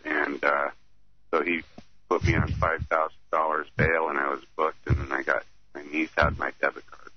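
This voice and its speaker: Very deep, flat-voiced man on a dull line. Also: husky, no room sound. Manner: halting, reads slowly with many fillers. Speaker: caller. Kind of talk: reading an account aloud by phone.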